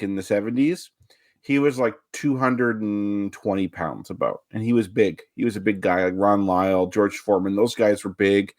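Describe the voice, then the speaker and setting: A man co-hosting a movie podcast, chatting casually and piling on examples with animated opinions. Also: lowish voice. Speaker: podcast co-host.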